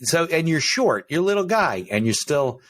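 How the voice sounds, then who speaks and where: A man's voice: on the high side, very animated, normal speed, fairly bright tone. A man hosting a podcast, chatting casually, often affirming and musing aloud. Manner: frequent short affirmations, reflective musing. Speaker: podcast host. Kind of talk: casual interview chat.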